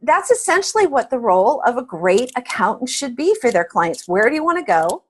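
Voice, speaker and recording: A woman's voice: fairly high pitch, sing-song, brisk, breathy edge. A middle-aged woman answering interview questions about accounting advice, emphatic and telling stories with animation. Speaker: accounting advisory expert guest.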